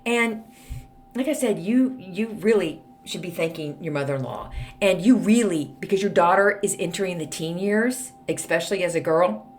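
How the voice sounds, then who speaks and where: A woman's voice: fairly low pitch, moderate pace. A middle-aged woman hosting an advice podcast, blunt, sassy and exasperated as she reads and answers a letter. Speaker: podcast host. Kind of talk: snarky advice podcast monologue.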